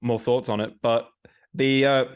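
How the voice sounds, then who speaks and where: An Australian man hosting a casual recap podcast. He talks in a loose, rambling way, full of slang and the odd swear word, at an ordinary middle pitch. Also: flat delivery, unhurried, clear, resonant tone. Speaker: podcast co-host.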